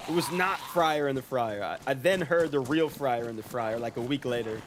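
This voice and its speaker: A man live-streams a game and rambles along in relaxed, profane chat. His voice sits at an ordinary middle pitch, with a faint hiss underneath. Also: normal speed. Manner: rambling, swearing, laughing.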